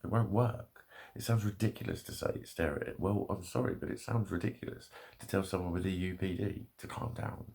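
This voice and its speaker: Low gravelly man, sweary rant. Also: big pitch swings, brisk, a little mellow. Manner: heavy swearing, angry ranting. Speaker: vlogger. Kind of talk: ranting monologue.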